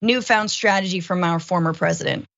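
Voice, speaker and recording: A woman filling in as host of a political talk show, chatting casually with quick, sarcastic asides. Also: lowish voice, gravelly, fairly bright tone, dry recording, lo-fi sound. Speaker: fill-in host.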